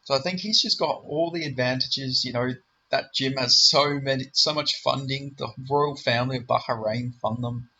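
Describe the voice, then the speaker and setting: A man's voice: medium pitch, steady tone, moderate pace, sharp tone, dull audio, slight background noise. A young man giving casual solo commentary, rambling and confident, full of fillers and self-corrections. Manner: confident, enthusiastic. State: voice briefly giving out. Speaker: MMA predictions YouTuber.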